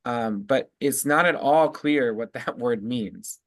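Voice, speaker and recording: A man teaching as a rabbi, explaining word meanings in a halting way full of fillers and restarts. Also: medium pitch, fairly bright tone, dry recording. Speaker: rabbi leading a text study. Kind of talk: casual teaching discussion.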